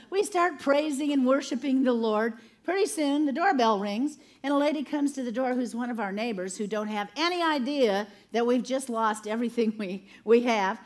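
An older woman giving an animated sermon testimony, laughing often and acting out the people in her story. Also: fairly high pitch. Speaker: conference speaker.

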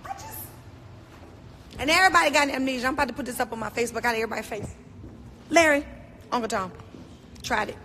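A woman's voice: high-pitched, animated, fast talker, pauses often, sharp tone. A woman from Baltimore ranting indignantly and emotionally into her phone in a hotel on a livestream. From Baltimore, USA. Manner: indignant, emotional, repeats herself. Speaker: celebrity livestreaming. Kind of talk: angry live-stream rant. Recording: echoey room with faint noise.

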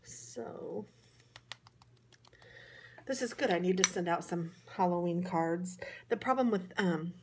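A woman with a Midwestern American accent talks her way through a card-making project in a hotel room. Her voice sits slightly low, and her chatty, wandering manner comes with plenty of self-deprecating asides. Light background noise hums behind her. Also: a little mellow. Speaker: craft vlogger. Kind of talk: casual crafting tutorial.

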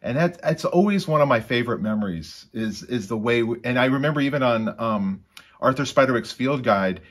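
A man chatting casually with his co-author, enthusiastic and full of praise. His voice sits at an ordinary middle pitch. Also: lively intonation, a little fast. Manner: enthusiastic, warm-hearted. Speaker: illustrator, co-author. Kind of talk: casual chat.

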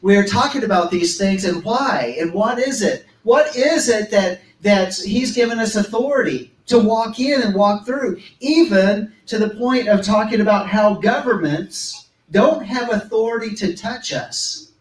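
A man's voice: high-pitched, a little slow. A man preaching a sermon at a church service, reading scripture aloud and breaking in with emphatic asides. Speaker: pastor. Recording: echoey room, voice from a distance.

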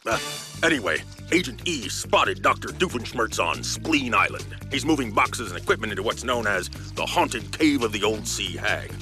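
A man playing a businesslike, deadpan spy chief giving a mission briefing in a cartoon, with music behind. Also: on the low side, normal speed. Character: briefing male agency boss, dry and businesslike.

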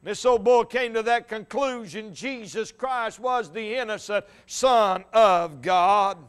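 A high, ringing male voice drives a revival sermon with fervor. He climbs into shouts at his peaks and falls back into a steady storytelling voice. His tone stays smooth and resonant throughout. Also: slow. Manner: impassioned, rising to shouts, quotes old scripture. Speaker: evangelist.

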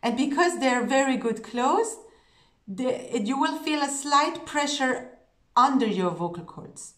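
A woman's voice: high-pitched, lively intonation, takes it slowly, fairly bright tone. Woman coaching singers in an echoey room. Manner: earnest, coaching, checks in with "okay?" and "yeah?". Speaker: singing teacher. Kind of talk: voice lesson.

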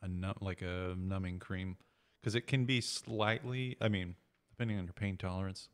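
Man, deep voice, matter-of-fact, candid, casual podcast chat. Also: moderate pace, clear, resonant tone.

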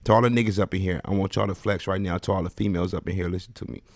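A man, hosting a podcast from his house in a casual monologue, ranting profanely and swinging between low mutters and loud outbursts. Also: steady tone, very fast, no room sound, studio quality. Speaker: podcast host.

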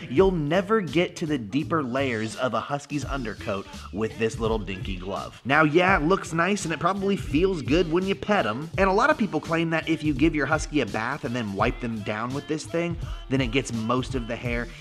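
Young guy goofing around reviewing husky gear, kinda high voice, music in the back. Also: expressive, moderate pace, a bit bright. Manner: goofy, playful, does silly voices. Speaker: vlogger. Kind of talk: jokey pet-product review.

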